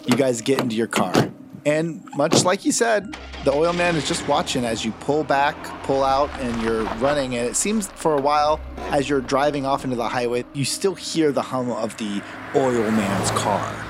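A man's voice: mid-range voice, loud music behind the voice. Man narrating a horror tabletop game. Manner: dramatic, measured storytelling. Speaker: game master.

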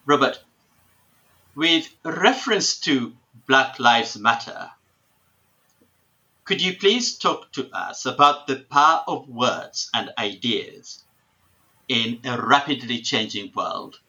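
A man hosting a podcast, asking interview questions in a measured, formal way. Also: medium pitch, expressive, pushed and bright. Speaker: podcast host. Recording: dull lo-fi audio.

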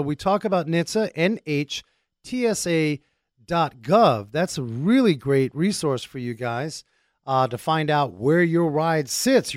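High-pitched guy on car talk radio, all over the place pitch-wise, dry close mic. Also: no echo. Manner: animated, teasing, explains car safety. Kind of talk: casual radio chat.

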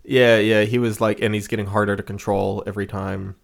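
A man's voice: on the low side, little pitch movement, brisk, gravelly. Rambling man on a podcast. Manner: rambling, filler-heavy, laughs often. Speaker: podcast co-host. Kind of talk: casual podcast chat.

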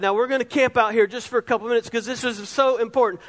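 High-voiced man preaching in a reverberant hall. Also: quick pace, hardly any pauses. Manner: emphatic preaching with repeated phrases. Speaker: pastor. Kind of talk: sermon. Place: church sanctuary.

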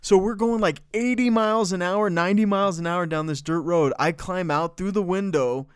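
Man, middle-aged, from New Mexico, animated storyteller, swears, dead-dry recording. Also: moderate pace, smooth, no echo. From Bloomfield, New Mexico. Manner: animated storyteller, swears, gets loud and high when excited. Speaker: podcast co-host. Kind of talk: casual storytelling chat.

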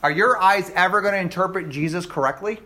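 A man's voice: high voice, fast talker, pushed and bright. Man teaching scripture with quizzing questions. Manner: quizzes the class with rhetorical questions; acts out voices in quoted exchanges. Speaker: Bible class teacher. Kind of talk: classroom Bible teaching.

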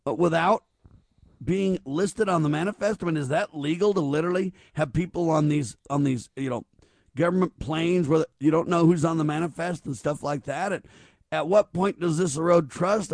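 A man's voice: a little high, normal speed, a little mellow, no room sound, studio quality. A man hosting a talk radio show, speaking emphatically and stacking rhetorical questions. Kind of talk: conservative talk radio commentary.

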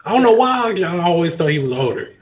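A man co-hosting a casual podcast chat, loose and joking and quick to laugh. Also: high voice, sing-song.

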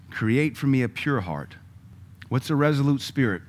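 Man, preacher, sermon, animated, conversational, mid-pitched. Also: normal speed. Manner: animated, swings from loud emphatic lines to low quiet asides; laughs often, conversational asides to the congregation.

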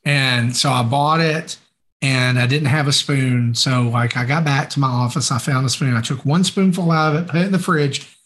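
Animated male podcast storyteller. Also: medium pitch, normal speed. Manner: animated, acts out quoted dialogue, many fillers. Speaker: podcast co-host. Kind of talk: casual anecdotal storytelling.

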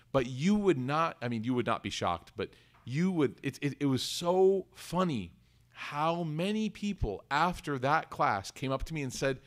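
A man's voice: a little high, a bit bright. A man giving a conversational religious lecture, acting out quotes and asking the audience questions. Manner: conversational, acts out quoted voices, asks the audience. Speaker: Islamic teacher. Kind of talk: lecture on scripture.

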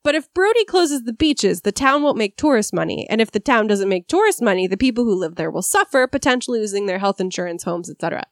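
A woman's voice: mid-range voice, lively intonation, quick pace, few pauses, no room sound. Chatty woman podcaster, dry close mic. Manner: chatty and analytical, many ums and likes. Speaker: podcast co-host. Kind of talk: casual film discussion podcast.

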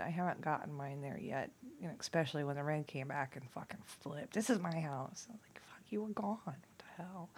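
A woman talking casually and at length, profane and rambling, dropping from loud bursts to near-whispers. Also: on the low side. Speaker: vlogger.

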